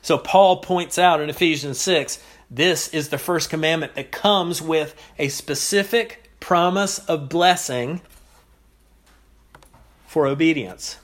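A man preaching an expository sermon, teaching in a measured way with pauses and repeated phrases. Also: on the high side.

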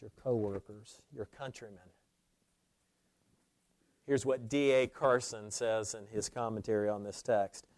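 A man preaching a sermon, swinging between loud, emphatic declarations and hushed, low asides. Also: no room sound. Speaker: pastor.

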